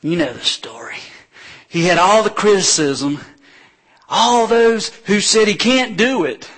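A male pastor preaches, telling scripture stories with lively animation and bursts of acted-out crowd voices. His voice sits a little high for a man and has a husky edge. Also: a little slow. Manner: animated storytelling preacher, acting out crowds with shouts. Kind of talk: sermon.

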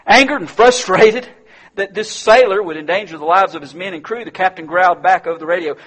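A male pastor delivers an earnest sermon, often repeating words as he builds a point. His voice sits somewhat high and has a husky edge. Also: a little fast, a bit bright.

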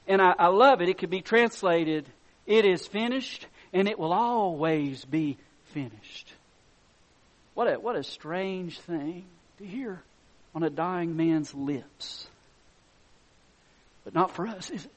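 A man preaching a sermon, reading scripture softly and then rising to loud, excited emphasis, chuckling between points. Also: a little high, slow pace, long pauses.

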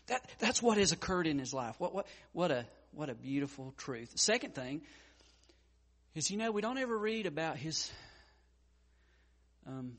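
A man delivering a sermon with animated, lively intonation. His voice climbs high and loud at intense points, then drops to a near hush. He often stumbles into repeated restarts. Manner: animated preaching, wide swings from loud to hushed; frequent stammered restarts. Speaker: pastor.

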